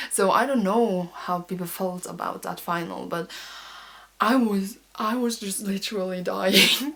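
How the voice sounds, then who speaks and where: Young woman fangirling casually, rambly and sighing a lot, medium pitch. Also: creaky, fairly bright tone. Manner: gushing, rambling, lots of "like" and sighs. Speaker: fan vlogger. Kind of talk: casual chat.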